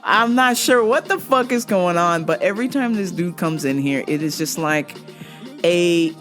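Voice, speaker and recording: A woman's voice: fairly low pitch, normal speed, faint music behind. A woman hosting a podcast, telling a comic story about a customer in a loose, profane way. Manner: laughing, profane, animated storytelling. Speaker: podcast host.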